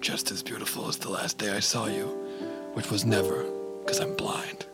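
A performer voicing a blind male film producer who talks low and hushed, in an improv comedy scene. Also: fairly even intonation, moderate pace, music in the background, close to an everyday voice. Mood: brooding.

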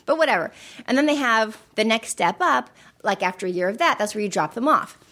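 A woman with a slightly high voice, talking as a guest on a podcast. She tells stories in a lively way and acts out the lines of the people in them. The pace is a relaxed, chatty back-and-forth. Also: brisk. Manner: animated, acts out voices in anecdotes. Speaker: podcast guest, actress and math author. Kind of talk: casual storytelling chat.

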